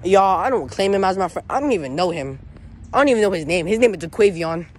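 A woman with a lively, swooping voice teases her friends in loose slang as she runs a game of hide and seek. She talks in a mid-range pitch, and a faint noisy outdoor ambience sits behind her. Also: fast. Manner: slangy, teasing, animated. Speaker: vlogger running the game. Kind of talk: casual excited chat.

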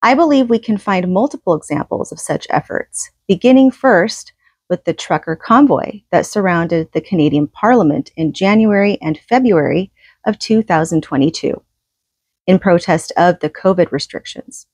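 A woman reading a nonfiction book aloud, steady and measured, with an occasional casual aside. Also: fairly low pitch, husky, dry recording. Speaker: audiobook reader.

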